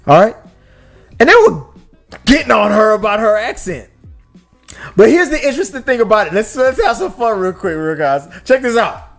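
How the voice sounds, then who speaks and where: A man's voice: high voice, normal speed, long pauses, soft background music. Chatty man hosting a movie podcast. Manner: animated, restarts a lot. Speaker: podcast host. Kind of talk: casual movie talk.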